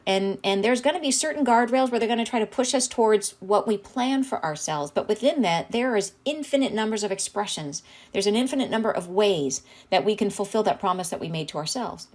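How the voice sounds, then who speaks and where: Heartfelt woman host with a mid-pitched voice. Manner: heartfelt, says "right?" often, slows down for quoted messages. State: tearing up, laughing through tears. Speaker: channeler hosting a weekly live stream. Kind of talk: casual spiritual talk, reading channeled messages aloud.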